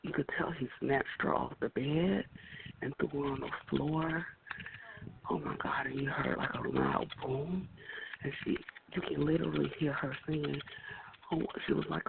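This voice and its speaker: A frightened man calling 911, speaking in a hushed, halting voice that drops to whispers. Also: a little high, gravelly. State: frightened, shaken. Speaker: 911 caller. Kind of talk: emergency phone call. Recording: noisy tinny phone line.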